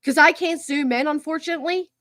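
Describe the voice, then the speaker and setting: Speaking quickly in a high, fairly bright voice, a commentary channel host livestreams from her computer. Her tone toward viewers and chat is mocking and exasperated. Captured on a computer mic, the sound has no echo and studio quality.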